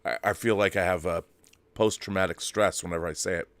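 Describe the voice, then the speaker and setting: A man hosts a live stream, reading out viewer messages in a chatty, joking way. His voice is on the low side, and the sound is close and dry with no room echo. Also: steady tone, fairly quick, fairly bright tone. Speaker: host. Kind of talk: casual live-stream chat.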